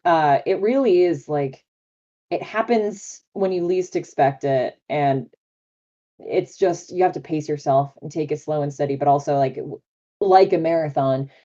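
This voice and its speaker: A woman's voice: deep voice, a little slow, mellow, muffled recording. A woman voice actor as a guest on a live interview chat, talking in a bubbly, enthusiastic way with many fillers.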